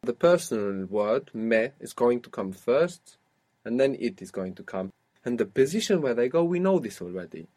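A man's voice: medium pitch, sing-song, normal speed, darkish tone. A man teaching a language lesson, patiently prompting a learner and confirming her answers.

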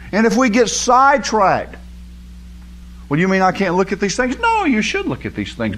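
A man's voice: high voice, fairly bright tone. A man teaching a sermon on scripture, emphatic and repeating words for stress. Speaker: Bible teacher.

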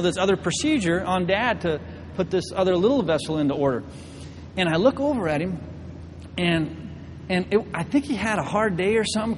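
High-voiced young pastor telling a funny story. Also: male voice, long reverb tail, a little hiss or hum. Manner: animated, laughing storyteller. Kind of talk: storytelling sermon. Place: church hall.

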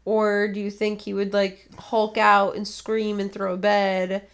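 A woman's voice: medium pitch, completely flat delivery, measured pace. A woman chatting casually about a movie, making crude, giggly jokes. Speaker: podcast co-host. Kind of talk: casual movie commentary chat.

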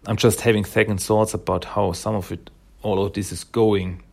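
A man's voice: on the low side, little pitch movement, normal speed, creaky, darkish tone. A man voicing a weary mutant cat crime boss, speaking in a subdued, sighing, apologetic way while retelling a comic. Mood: regretful.

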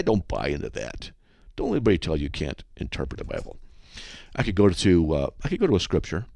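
Animated male radio host, dry sound. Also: sits low, fast talker, creaky, dry recording. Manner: animated, emphatic, acts out dialogues. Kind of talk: radio talk on Bible study.

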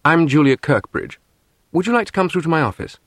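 A composed English businesswoman speaks in a raised, crisp voice with clipped politeness, as a male audiobook narrator puts her on. Her English accent is precise and measured. The reading is dry and close. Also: fairly high pitch, sing-song, fairly bright tone, no room sound, voice pushed up. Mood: poised.

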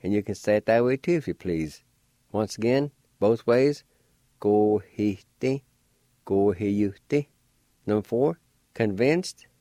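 A man's voice: mid-range voice, animated, normal speed, dark tone, no room sound, studio quality. A man teaching a radio language lesson, patiently spelling out words syllable by syllable and encouraging learners to practice.

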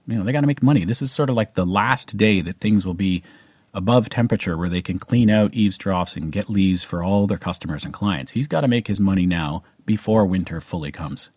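A man's voice: deep voice, brisk, darkish tone, breathy edge, no room sound. A middle-aged man with a Canadian accent, telling a personal story in a casual, rambling way with many fillers and restarts. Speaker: vlogger.

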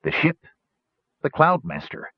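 A man's voice: measured pace, no echo, highs cut off, natural voice. A man voicing a bewildered male gnome pilot who talks in a puzzled, matter-of-fact way.

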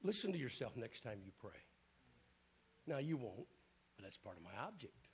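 A man's voice: medium pitch, big pitch swings, normal speed, slightly rough. A middle-aged man with a Southern US accent, preaching a folksy, joking sermon in a church. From American South. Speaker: guest preacher. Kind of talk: humorous sermon.

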